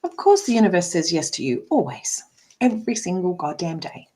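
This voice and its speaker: Lowish-voiced woman coach doing a livestream card pull, keeps saying right?, drops the odd swear word. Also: wildly swooping pitch, brisk, mellow, slight background noise. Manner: emphatic, swears freely, addresses viewers by name; frequent tag "right?". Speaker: spiritual and business coach. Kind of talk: live-streamed card reading.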